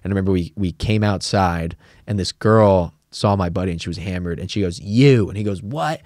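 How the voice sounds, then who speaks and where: A man's voice: low-pitched, steady tone, brisk, darkish tone, dry recording, clean studio sound. A man hosting a podcast, telling rambling stories in casual chat, full of "like" and acted-out quotes. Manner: rambling storyteller, heavy filler "like", acts out quotes. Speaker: podcast host.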